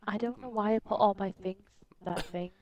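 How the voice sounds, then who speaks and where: A woman's voice: medium pitch, brisk. A young woman trading blunt, sarcastic comebacks while playing a game together. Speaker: co-player. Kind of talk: casual gaming banter.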